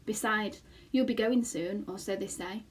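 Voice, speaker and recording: A woman voicing a tired, stubborn little father with a flat, expressionless manner. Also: mid-range voice, measured pace, a little hiss or hum, natural voice.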